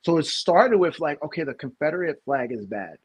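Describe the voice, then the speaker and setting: A man's voice: on the high side, sing-song, a little fast, slightly rough. A man in his thirties from New York, co-hosting a casual podcast and rambling through opinions with many restarts and emphatic bursts. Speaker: podcast co-host.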